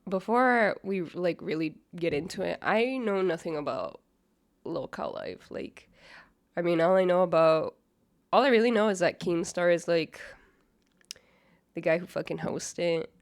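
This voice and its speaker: Young woman kinda stuffy nasal, slow gossipy reaction talk, dry close mic. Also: on the low side, expressive, no echo. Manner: chatty, judgmental, lots of fillers and swearing. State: sick, slightly nasal. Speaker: reaction video host. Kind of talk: casual commentary.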